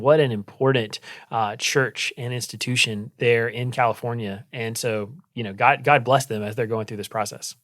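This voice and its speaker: Male podcast co-host, mid pitch, heartfelt emphatic talker, dry close mic. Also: a bit bright, dry recording. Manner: earnest, emphatic, with many fillers. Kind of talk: casual chat.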